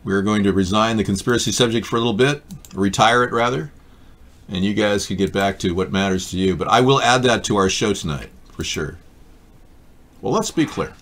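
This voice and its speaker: A man hosting a live stream in a somewhat low voice. He jokes and banters in an easygoing way as he hands the show over. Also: a little fast, fairly bright tone. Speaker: show host. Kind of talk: casual live-stream chat.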